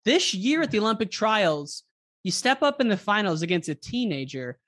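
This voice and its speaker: Podcast host, chatty and excited, drags out words for emphasis. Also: medium pitch, moderate pace. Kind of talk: casual interview chat.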